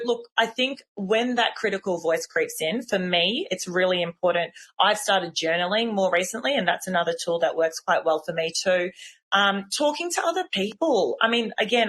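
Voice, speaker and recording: A woman, a podcast host telling personal stories in a casual, animated and self-deprecating way. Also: medium pitch, slight background noise.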